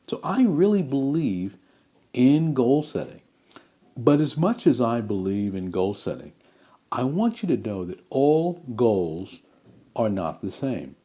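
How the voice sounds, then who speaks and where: Slow, deep-voiced man giving a motivational talk. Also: warm tone. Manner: measured, emphatic, with deliberate pauses. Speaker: motivational speaker.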